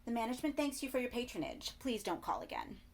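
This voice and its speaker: A woman's voice: on the high side, big pitch swings, fast, gravelly, slight background noise, pitched above the performer's own voice. A woman voicing a snide male hotel receptionist whose put-on posh diction slips into a London accent. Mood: sneering. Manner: clipped, sneering, slipping into cockney.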